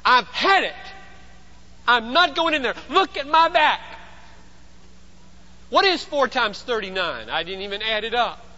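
Brief: man doing a worn-out body balking, high, whiny, loud, slightly muffled recording. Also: sing-song, a little slow, pauses often, long reverb tail, full character voice. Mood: protesting. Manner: whining, loud protest. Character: weary complaining human body, refusing, male.

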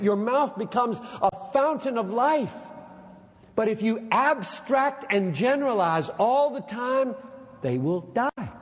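A man preaches with a high, swooping voice that leaps up and plunges low as he presses each point. He takes his time and leans hard on key words. The sound carries a long reverb from a large hall. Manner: animated, emphatic, drops low and slow when reading quotations aloud. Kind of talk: sermon to preachers.

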